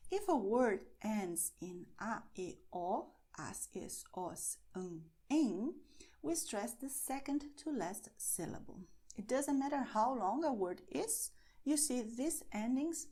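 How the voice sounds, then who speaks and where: A Brazilian woman with a Brazilian Portuguese accent, a native Portuguese speaker, giving an online lesson and slowly, clearly pronouncing example words. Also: fairly high pitch, dark tone. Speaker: language teacher.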